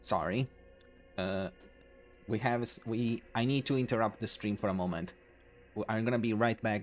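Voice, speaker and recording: A man with a fairly low voice chats through a game on stream. He talks in a halting way, restarting words and filling pauses. Faint game music plays underneath. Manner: halting, many restarts and fillers. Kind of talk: casual gameplay commentary.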